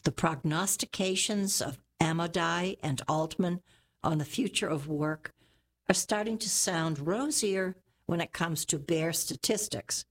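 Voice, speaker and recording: Female reader, deep and unhurried, careful newspaper reading. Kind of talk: reading opinion columns aloud.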